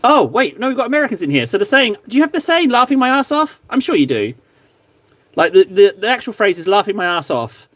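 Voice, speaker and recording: English man, casual livestream host, slightly high voice, rambling and self-mocking, dry close mic. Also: very animated, fast talker, dry recording. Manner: rambling, self-deprecating, joking. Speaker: livestream host painting miniatures.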